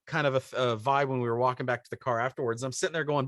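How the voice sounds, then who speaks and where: Man, podcast co-host, casual storytelling, fairly high voice, dead dry studio. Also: fast, few pauses, dry recording. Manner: animated storyteller, acts out quoted voices. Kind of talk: casual chat.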